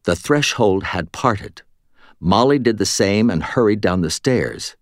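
A man reading a first-person story for an audiobook in a measured, expressive way, close to the mic. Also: fairly low pitch, dry recording. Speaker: audiobook narrator.

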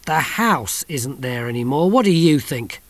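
A man's voice: mid-range voice, expressive, measured pace, a bit bright, no room sound. A man voicing a blunt, exasperated army sergeant in an audiobook. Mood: grim.

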